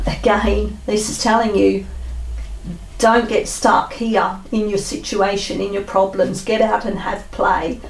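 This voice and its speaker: A woman giving a spiritual oracle card reading, gentle and unhurried, pausing often with fillers. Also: medium pitch, flat delivery, creaky, slight background noise. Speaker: tarot card reader. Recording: roomy sound from a distance.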